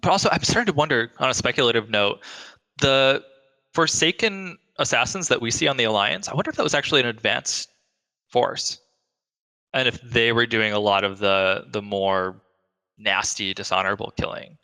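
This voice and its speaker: Bright excitable man in a reverberant room. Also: medium pitch, normal speed. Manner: excitable, jokey, swears casually. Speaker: podcast co-host. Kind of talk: casual lore discussion.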